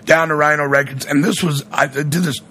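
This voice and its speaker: Male radio personality, casual rambling storyteller, bright forceful tone. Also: fairly high pitch, steady tone, brisk, husky. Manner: rambling, acts out quoted voices.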